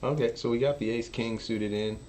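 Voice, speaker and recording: A man streaming poker and chatting casually, an animated storyteller who acts out quotes. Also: medium pitch, a little fast, slight background noise. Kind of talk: casual chat while streaming. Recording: faint music behind. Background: faint music.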